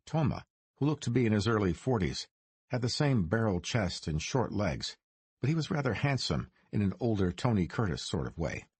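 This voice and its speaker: A man narrating a crime noir audiobook in a measured storytelling manner. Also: lowish voice, very animated, darkish tone, breathy edge, no room sound.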